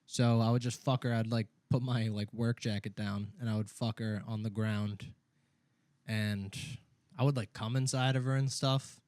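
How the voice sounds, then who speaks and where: A man's voice: fairly low pitch, steady tone, moderate pace, a little mellow, no room sound. Dry-voiced young man telling a rambling story. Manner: rambling storyteller, swears freely, many "like" fillers. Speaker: podcast co-host. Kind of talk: casual chat.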